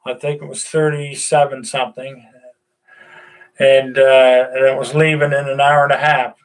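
An older man, casually chatting to his viewers in a rambling, folksy way with lots of pauses. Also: mid-range voice, level tone. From Nova Scotia, Canada. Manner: rambling, folksy, many "uh"s and restarts. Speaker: vlogger. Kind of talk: casual chat to camera.

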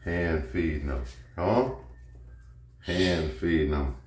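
A man's voice: rumbling low, slow, pauses often, a little mellow, reverberant. A man vlogging as a reptile keeper, casually coaxing his pet and talking to it like a buddy. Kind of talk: casual pet-feeding vlog.

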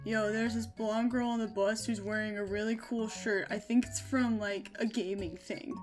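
A woman's voice: on the high side, fairly even intonation, moderate pace, soft background music, pitched below the performer's own voice, lightly acted. A woman doing a laid-back young guy on the phone. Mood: impressed.

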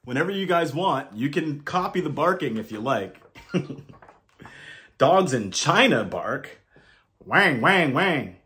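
A man's voice: a little high, expressive, normal speed, hardly any pauses, a bit bright. A man reading a picture book aloud to children, talking to them directly in a friendly way and inviting them to join in. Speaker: children's storyteller.

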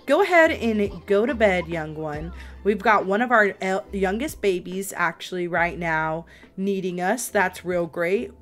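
A woman's voice: medium pitch, unhurried, a bit bright. A young woman streaming a life-sim game, chatting casually to her viewers with lots of giggles and exclamations. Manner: bubbly, giggly, talks to chat. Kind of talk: casual gameplay commentary.

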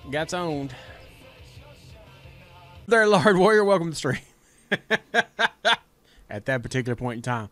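A man streaming a game with a raised, bright voice that leaps all over the place. He trash-talks with brash, profane energy, dropping into low mutters and then bursting into yells. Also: lively intonation, slow pace, long pauses, soft background music. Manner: brash trash-talking, swings from mutters to yelling. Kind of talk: casual profane gaming commentary.

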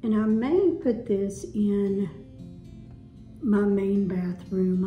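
A woman's voice: medium pitch, extremely slow, dull audio. Chatty Southern woman showing a haul. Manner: chatty, folksy, gushing over items. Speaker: home decor vlogger. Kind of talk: casual show-and-tell haul. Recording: echoey room with faint music.

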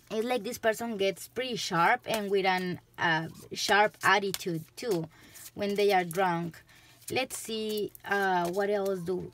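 A woman with a Spanish accent giving a tarot reading to camera, chatting loosely and laughing often. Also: medium pitch. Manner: giggly, chatty, loose rambling. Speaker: tarot reader.

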